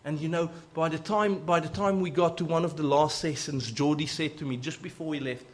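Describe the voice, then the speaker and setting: Casting note: man preacher, earnest animated storyteller, slightly higher voice. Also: brisk. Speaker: preacher telling a testimony. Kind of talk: sermon storytelling.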